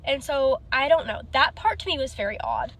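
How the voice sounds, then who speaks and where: A woman with a fairly high, bright, sharp-edged voice tells a storytime. She rambles, leaning on "like" and "you know" as she goes. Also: animated, a little fast. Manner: rambling, heavy use of "like". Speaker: hairstylist. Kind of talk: casual storytime.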